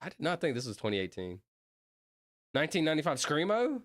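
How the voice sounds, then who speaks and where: A man rambles through casual reaction commentary and breaks into sudden excited yelps. His fairly high voice swings widely in pitch. The sound is dry and close. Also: fast talker, dry recording. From Southern United States. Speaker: streamer reacting to videos.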